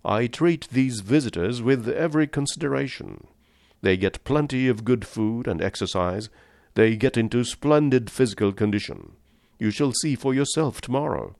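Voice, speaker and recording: A man's voice: medium pitch, animated, moderate pace, vocal fry, a little mellow, no echo, studio quality, voice pushed up. A man reading the part of a polished, amused and condescending aristocratic general with cold-blooded views. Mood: suave.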